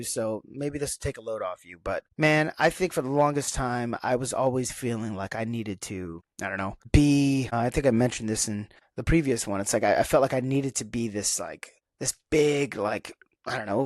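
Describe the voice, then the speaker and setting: A man's voice: mid-range voice, no room sound, clean studio sound. Frank rambling young man on a podcast. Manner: rambling, frank, self-reflective with many fillers. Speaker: podcast host. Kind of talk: casual solo podcast monologue.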